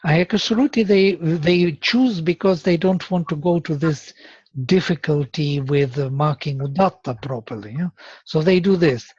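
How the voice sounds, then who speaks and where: Patient teacher, breathy tone, muffled call audio, steady middle pitch. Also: measured pace, no echo. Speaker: Sanskrit teacher. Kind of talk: online class explanation.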